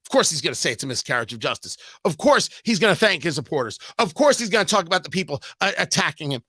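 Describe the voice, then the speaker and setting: Lively, bright-voiced male radio host. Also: a little high, husky, no room sound. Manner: animated, joking, quick asides. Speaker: radio talk show host. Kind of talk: live news commentary.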